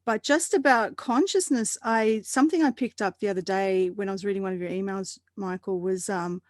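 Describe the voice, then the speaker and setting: A woman guest in a casual roundtable chat, animated and quick to laugh, often restarting her sentences. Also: mid-range voice, dry recording, clean studio sound.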